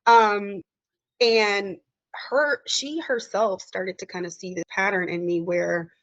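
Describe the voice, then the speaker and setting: A woman's voice: medium pitch, steady tone, slow pace, fairly bright tone, no echo. A woman speaking candidly as a podcast guest, emotional and acting out quoted dialogue. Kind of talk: candid interview conversation. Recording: dry, muffled lo-fi audio.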